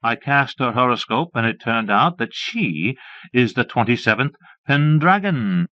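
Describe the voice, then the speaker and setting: A man's voice: medium pitch, very animated, a little slow, no echo, voice pushed up. A man voicing a gushing, pompous self-styled duchess in an audiobook, with a simpering, scornful manner, on a dull old cassette recording. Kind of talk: audiobook character voice.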